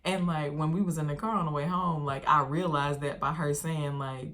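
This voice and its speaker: A woman's voice: low voice, fairly even intonation, moderate pace, a bit bright. A woman vlogger telling a casual storytime, chatty and slangy, talking straight to her viewers.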